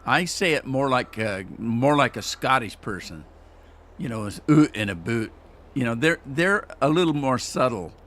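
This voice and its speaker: A man's voice: medium pitch, animated, moderate pace, fairly bright tone. Rambling man narrating his farming game. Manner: chatty, rambling, self-teasing. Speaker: gaming streamer. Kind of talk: casual gameplay commentary.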